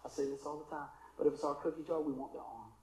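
A man preaching a sermon as pastor, swinging between loud calls and hushed asides. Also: on the high side, fast, echoey room, poor audio. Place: church sanctuary.

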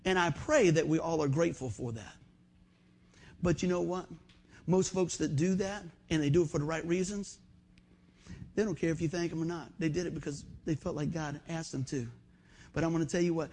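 A man's voice: a little high, darkish tone, breathy edge. A man preaching a sermon in a folksy, storytelling way, often saying "man". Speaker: pastor.

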